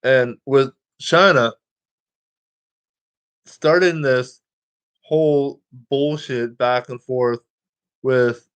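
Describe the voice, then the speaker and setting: A man's voice: medium pitch, steady tone, very slow, pauses often, smooth. A man talking casually to his viewers, rambling, restarting lines and swearing freely. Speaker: vlogger.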